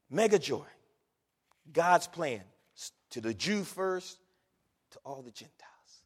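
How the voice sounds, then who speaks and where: High-voiced preacher in a reverberant hall. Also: male voice, lively intonation, slow, pauses often, slightly rough. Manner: dynamic, swings from hushed whispers to loud exhortation. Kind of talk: sermon.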